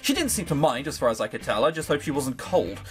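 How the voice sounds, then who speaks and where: Wry man reading with lively pitch. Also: fast talker, faint music behind. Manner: wry, sarcastic asides. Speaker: let's-player reading a visual novel. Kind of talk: reading aloud with joking commentary.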